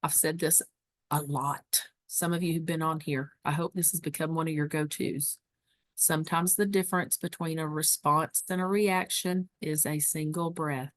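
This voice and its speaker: A woman leads a webinar lesson for caregivers in a fairly low voice. She teaches emphatically and drives points home by repeating them. The sound is close and dry. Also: fairly even intonation, moderate pace, no room sound. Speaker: dementia care educator. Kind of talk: webinar presentation.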